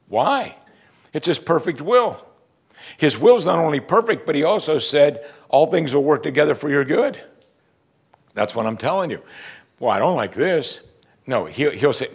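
A male pastor delivers a sermon with a husky, slightly breathy voice. His pitch rises and falls widely as he moves between explanation and playful asides. He slips into quoted voices to dramatize his points. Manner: animated preaching, acting out quoted voices.

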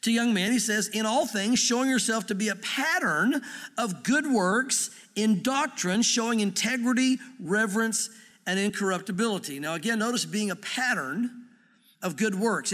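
A middle-aged man preaches in a high, light voice. His delivery is earnest and conversational, with touches of gentle humor. The sound rings with the long reverb of a large hall. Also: normal speed. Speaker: pastor. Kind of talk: sermon.

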